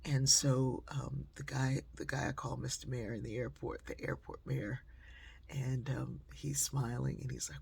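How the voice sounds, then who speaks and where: A woman speaker telling an inspirational story in an animated way, acting out dialogue and often dropping to a whisper. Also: very deep voice, measured pace, creaky, slightly rough. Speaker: motivational speaker.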